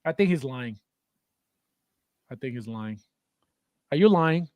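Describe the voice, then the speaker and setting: A man's voice: medium pitch, animated, takes it slowly, a little mellow, no room sound. A man hosting a casual podcast chat about collectible figures, chatty and thinking aloud with fillers. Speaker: podcast host.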